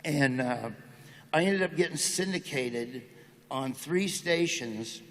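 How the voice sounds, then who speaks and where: A middle-aged man with a Southern drawl, telling jokes and anecdotes as a stage interview guest. His voice sits a bit high for a man, and the hall adds a long echo. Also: lively intonation, takes it slowly. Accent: Southern American. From Nebraska, United States. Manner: joking, drawling storyteller. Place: large hall before a live audience.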